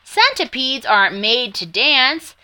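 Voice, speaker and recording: Brief: woman playing a snooty storybook inchworm, high and scornful. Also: sing-song, takes it slowly, crowd noise, heavily acted, poor audio. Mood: smug. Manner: scornful, teasing. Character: snooty smug female inchworm, a show-off.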